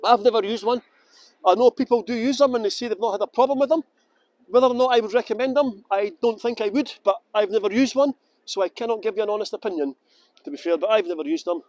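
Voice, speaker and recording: This Scottish man, a tour guide, talks fast in a high-pitched, slightly mellow voice with no echo, livestreaming outdoors in the sun from a hand-held phone. He rambles casually and answers viewer questions with plenty of fillers.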